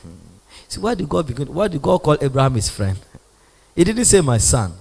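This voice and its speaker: A man preaching a sermon, animated, swinging from loud bursts to near whispers. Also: on the high side, quick pace. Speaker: prophet preaching. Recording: long hall reverb.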